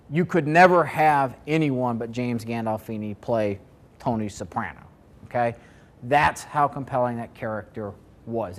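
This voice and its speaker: A man presenting a marketing seminar to a live audience, talking conversationally and asking the room questions. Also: mid-range voice.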